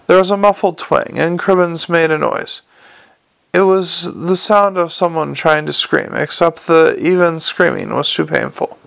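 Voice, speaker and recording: A man narrating a fantasy audiobook in a measured, wry storytelling manner. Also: on the high side, gravelly, fairly bright tone, dry recording.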